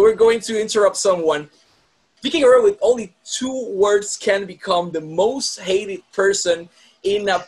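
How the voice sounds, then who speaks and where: A man hosting an interview, asking long, winding questions at an unhurried pace. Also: high-pitched, slightly rough, low-quality recording. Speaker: interview host.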